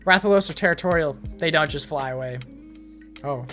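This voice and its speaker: A woman reads fan fiction aloud in a casual live-stream manner. Her voice sits on the low side, and she breaks in with blunt, profane side comments. Soft music plays faintly underneath. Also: a little fast.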